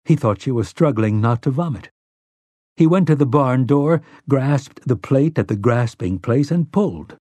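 A man narrating an audiobook in a measured, steady storytelling manner. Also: medium pitch, dry recording. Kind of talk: scripted narration.

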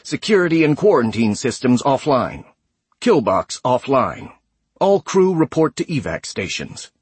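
A man's voice: mid-range voice, very animated, a little slow, breathy edge, dry recording, pitched above the performer's own voice. A man voicing a male space station computer that calls out alarms in a nasal, clipped way. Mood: urgent alarm. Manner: clipped, urgent announcements.

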